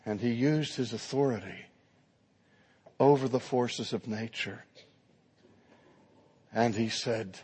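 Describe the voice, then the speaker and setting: A man's voice: mid-range voice, takes it slowly, pauses often, a little mellow, breathy edge, in a large hall. A man preaching a sermon, telling the story dramatically and acting out the quotes.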